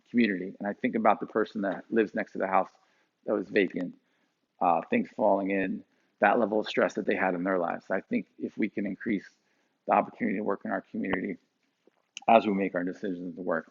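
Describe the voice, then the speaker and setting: A middle-aged man from Philadelphia telling a personal story to a live audience, often repeating words and jumping up in pitch when he quotes people. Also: vocal fry, slightly rough. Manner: halting, repeats words, acts out quotes with sudden high pitch. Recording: dull lo-fi sound.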